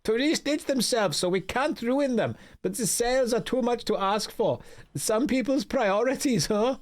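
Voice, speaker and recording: A man's voice: very high voice, pitched above the performer's own voice. A man voicing a game townsperson in an exaggerated mock French accent, drawing out each line. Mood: chirpy. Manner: over-the-top mock French accent, drawn-out lines.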